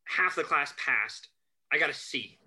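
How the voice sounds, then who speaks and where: A man who is a guest on a chat show, telling lively anecdotes and acting out quotes. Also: fairly high pitch, a little slow. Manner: animated anecdotes, acts out quotes, chuckles. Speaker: podcast guest, family lawyer. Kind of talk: casual storytelling chat.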